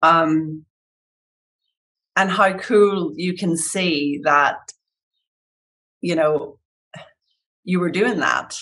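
A woman acting as coach, reflecting back what she heard in a calm, gentle way. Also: deep voice, drawn-out words, long pauses. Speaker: coach or facilitator.

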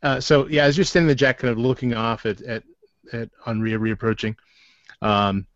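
A man's voice: medium pitch, fairly even intonation, dry recording. Hesitant male game master. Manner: halting, many fillers and restarts. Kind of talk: narrating a tabletop game. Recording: dry, dull lo-fi sound.

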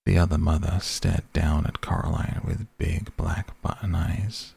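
A man reading a story aloud in a measured, steady narration with a gravelly, husky voice. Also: low-pitched, no room sound. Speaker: audiobook narrator. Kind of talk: scripted narration.

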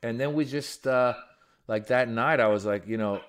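The speaker is a comedian who came to the United States from Iran as a child and grew up there; he's a guest in an easygoing interview. With a medium-pitched, clear, resonant voice at a moderate pace, he rambles through anecdotes, restarting often and using plenty of fillers.

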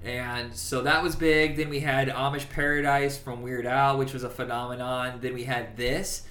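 A man's voice: mid-range voice, little pitch movement, normal speed, sharp tone, reverberant. A man from Indiana co-hosting a casual, profane movie chat, quoting film lines in put-on voices. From Indiana, USA. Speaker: podcast co-host.

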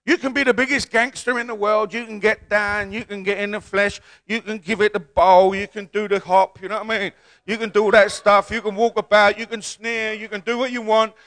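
A man preaching a sermon in a church with a high, bright voice. He coaxes the congregation to repeat after him and swells from easy talk to loud, fervent peaks. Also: level tone, a little fast. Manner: call-and-response preaching, swelling to shouts. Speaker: pastor.

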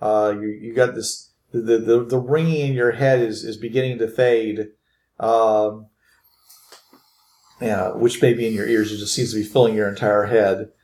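A man running a tabletop game as game master, narrating haltingly with many restarts. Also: fairly low pitch, steady tone, a little mellow. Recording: echoey room.

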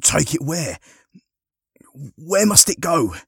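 A man reading a storybook voices an older retired sailor who talks firmly but gently. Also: lowish voice, expressive, normal speed, vocal fry, slightly rough, no room sound, studio quality, heavily acted. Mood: insistent. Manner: firm, gently reassuring. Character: gruff retired sailor, kind but weary.

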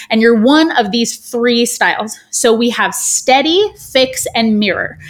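Woman guest, fairly high voice, lively and theatrical, breaks into little character voices while explaining. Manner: animated, theatrical, does voices when quoting. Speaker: guest speaker. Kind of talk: podcast interview, explaining a framework.

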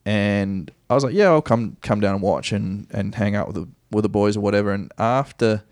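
A man's voice: fairly low pitch, fairly even intonation, fairly quick, a little mellow, no echo, studio quality. A man with a New Zealand accent, a podcast guest telling rambling, self-correcting stories about his soccer career in a casual, easy way.

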